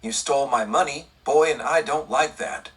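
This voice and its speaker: A man voicing a cold, menacing male outlaw gunman in an audiobook western, speaking slowly and deliberately. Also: medium pitch, husky, recorded from a distance. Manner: slow, deliberate, icy.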